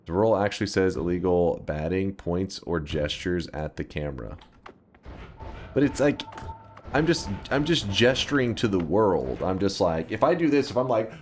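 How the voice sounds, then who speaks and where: A man live-streaming a game, chatting casually with his viewers, swearing freely and flaring up in high-pitched indignant outbursts. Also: darkish tone, slight background noise. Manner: argues and banters with chat.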